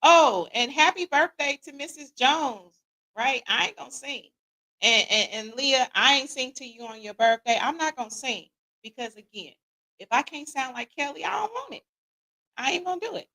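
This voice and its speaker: A middle-aged woman hosts a casual livestream, reading out viewer comments. Her voice sits a bit high, and she talks in a lively, slangy, joking way. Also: normal speed. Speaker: podcast host.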